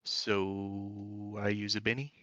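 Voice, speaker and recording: A man playing a tabletop game, calmly talking through his moves and dice. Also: on the low side, slow pace, no room sound. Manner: matter-of-fact, talks through rules. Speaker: player. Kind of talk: casual tabletop play.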